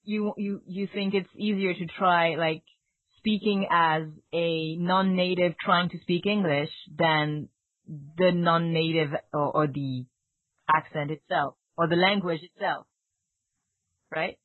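A woman with a strong French accent, co-hosting a casual chat and talking in halting bursts with restarts. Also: lowish voice, fairly even intonation, no echo. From France. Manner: halting, many restarts and fillers. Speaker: podcast co-host. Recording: tinny phone-like line, dry.

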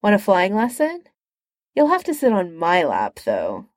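Woman voicing a flirtatious male pilot, wry, teasing, lively, dry sound. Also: medium pitch, unhurried, dry recording. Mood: bantering. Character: quick-witted flirtatious male inventor pilot.

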